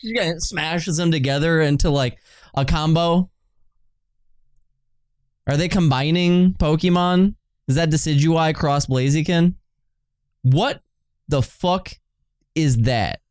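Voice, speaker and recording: A man streaming video games and chatting casually, excitable, laughing often and swearing as he reacts. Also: fairly high pitch, takes it slowly, pauses often, no room sound, clean studio sound. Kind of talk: casual livestream chat.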